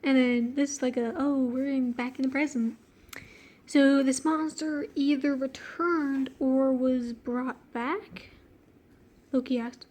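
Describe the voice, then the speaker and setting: A woman's voice: sits high, flat delivery, unhurried, a little mellow. A woman reading her own childhood story aloud, breaking off to mock it in a slangy, giggly way. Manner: giggly, slangy and self-mocking; easily distracted, breaks off mid-sentence. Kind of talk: reading aloud with joking commentary.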